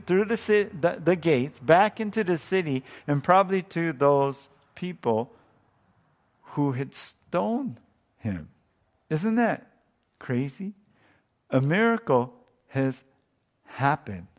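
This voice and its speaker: A pastor giving a casual, conversational sermon, thinking aloud and often chuckling. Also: male voice, medium pitch.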